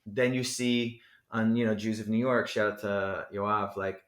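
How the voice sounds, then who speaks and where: A man from New Jersey, a rapper guesting on a podcast, who rambles loosely, swears freely and leans on "you know" every few words. His voice sits on the low side. The recording carries a noticeable roomy echo. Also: level tone, measured pace. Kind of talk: casual interview chat. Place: podcast studio.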